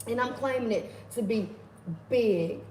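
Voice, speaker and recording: A woman hosting a live stream, greeting viewers by name in an affectionate, animated way. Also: on the high side, unhurried. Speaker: livestream host. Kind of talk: casual live stream chat. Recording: echoey room with faint ambient noise.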